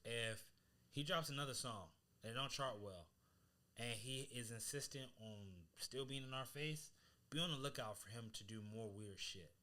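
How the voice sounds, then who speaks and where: A man co-hosting a podcast in casual chat, talking in an animated, emphatic way full of slang. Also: medium pitch, normal speed, a little hiss or hum. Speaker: podcast co-host.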